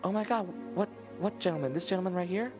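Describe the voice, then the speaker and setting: A man voicing a flustered, swooning woman at a bar in a soft, breathy falsetto. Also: fast, music in the background, natural voice.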